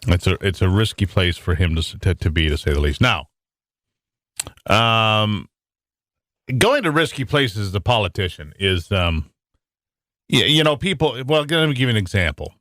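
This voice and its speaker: American talk radio guy, low voice, dry close mic, rambles and restarts a lot. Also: animated, moderate pace, pauses often, a bit bright, dry recording. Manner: rambling, with many restarts and fillers. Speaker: radio talk show host.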